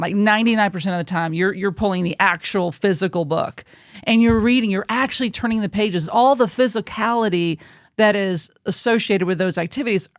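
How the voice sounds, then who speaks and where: A woman's voice: mid-range voice, no echo, studio quality. Earnest podcast co-host woman. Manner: thoughtful, earnest explaining. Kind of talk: casual chat.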